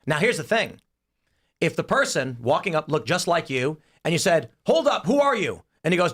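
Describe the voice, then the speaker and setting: A man's voice: fairly high pitch, moderate pace. A man hosting a political panel podcast, talking through hypotheticals and acting out the voices in them. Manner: animated, acts out voices in hypotheticals. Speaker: podcast host.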